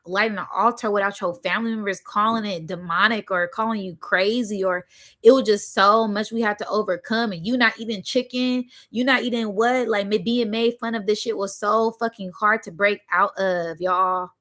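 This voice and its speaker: A woman's voice: mid-range voice, steady tone, normal speed, pushed and bright. A young adult woman hosting a spiritual channel, giving an emphatic, preachy monologue full of cursing and repeated "right?" and "y'all", emotional and close to tears. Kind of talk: passionate livestream monologue.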